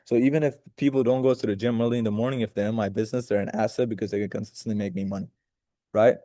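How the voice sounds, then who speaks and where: Mellow-voiced man giving a motivational talk. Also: fairly low pitch, steady tone, rapid-fire, no echo, studio quality. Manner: rambling, profane, addresses listeners directly. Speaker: mentor leading a group video call. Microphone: video call.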